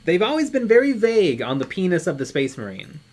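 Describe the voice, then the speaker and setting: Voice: medium pitch, big pitch swings, fairly quick, a little mellow. A live stream co-host chatting casually while painting miniatures, reading out viewer comments and laughing often.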